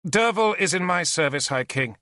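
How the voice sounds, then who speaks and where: A man voicing a calm, dutiful warrior envoy who speaks formally and pleads in an audiobook. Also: high-pitched, moderate pace, no room sound, studio quality, voice pushed up. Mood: earnest.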